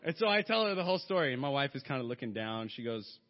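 A man in his thirties preaching a sermon, mixing jokes and lively stories into his message. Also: medium pitch, quick pace. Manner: joking, lively storytelling. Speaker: pastor. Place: church hall. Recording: long hall reverb, dull sound.

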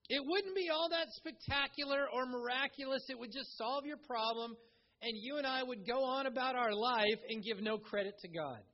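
A pastor delivers a sermon in a relaxed, conversational way, dropping into little acted-out quotes as he goes. His voice sits very high for a man. The recording sounds dull and lo-fi. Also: normal speed.

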